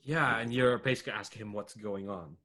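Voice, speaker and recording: A man running a tabletop game in a casual, thinking-aloud way with lots of fillers. His voice is low-pitched and bright, with a forceful edge. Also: brisk. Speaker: game master.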